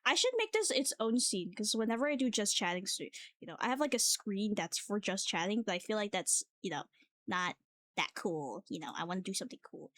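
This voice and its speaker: A woman's voice: mid-range voice, expressive, brisk, fairly bright tone. A woman streamer chatting casually, rambling and playful, laughing often. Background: faint cafe music.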